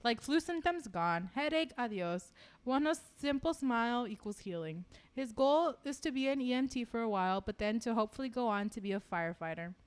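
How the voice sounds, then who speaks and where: A woman co-hosting a podcast, reading fan fiction aloud and chatting in an animated, giggly way. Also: on the high side, brisk, clean tone. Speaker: podcast co-host.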